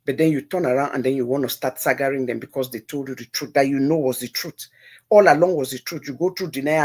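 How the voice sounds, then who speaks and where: A woman's voice: rumbling low, steady tone, fairly quick, warm tone, husky. A middle-aged Nigerian woman hosting a live-stream call-in show, talking earnestly and pleadingly, repeating herself and slipping into pidgin. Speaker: livestream host.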